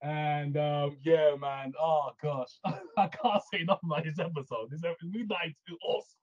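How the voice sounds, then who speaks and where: An excitable man co-hosting a casual chat about a TV show, with a notably high, husky voice. He laughs often and swears freely. The recording is muffled and dull. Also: moderate pace. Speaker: podcast co-host.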